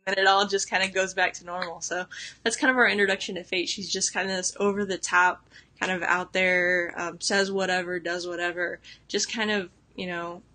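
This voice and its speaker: A woman's voice: fairly low pitch, flat delivery, brisk, sharp tone. A young woman chatting casually about a book she is reading, with lots of "like" and little laughs. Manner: chatty, full of "like" and restarts, laughing often. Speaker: book vlogger.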